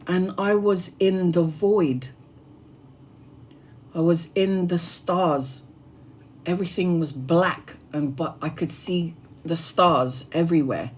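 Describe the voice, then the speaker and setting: Slow, low-voiced earnest woman. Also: husky. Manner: earnest, heartfelt, spiritual. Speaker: tarot reader. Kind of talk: personal storytelling on a livestream.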